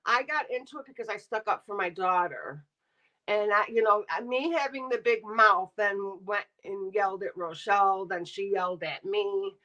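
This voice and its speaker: A woman's voice: medium pitch, normal speed, pushed and bright, dull audio. A middle-aged woman streaming live, ranting bluntly and sarcastically while talking to her chat. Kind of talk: casual livestream rant.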